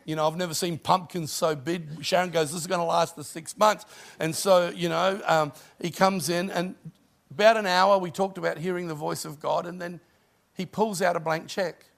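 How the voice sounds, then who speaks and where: A man's voice: high voice, steady tone, normal speed, creaky. A middle-aged man, a pastor, preaching a sermon and telling stories with rising emphasis.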